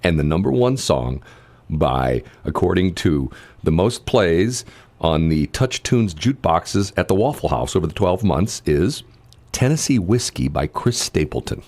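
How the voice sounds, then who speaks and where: A man with a very low voice co-hosts a morning radio show from the studio. He chats casually and rambles, full of "uh" and "you know", often restarting his sentences mid-thought. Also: sing-song, unhurried, darkish tone. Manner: rambling, many fillers and restarts. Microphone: studio microphone.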